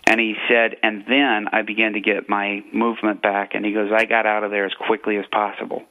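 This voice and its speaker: A man's voice: lowish voice, flat delivery, brisk. A man, a pastor and police chaplain, earnestly retelling a conversation as a guest on a radio show, with many fillers and restarts. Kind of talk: storytelling testimony on a radio show. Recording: phone line on radio.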